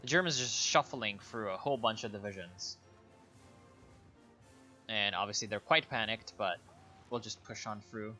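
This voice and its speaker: A man giving relaxed, low-key commentary while playing a strategy game, thinking aloud as he goes. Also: normal speed, long pauses, soft background music. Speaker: gameplay commentator. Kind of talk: casual let's play commentary.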